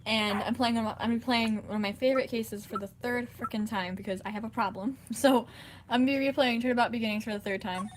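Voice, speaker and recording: A woman chatting casually while livestreaming a game, excitable and given to dramatic outbursts. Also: on the high side, fast talker, a little hiss or hum. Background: game music.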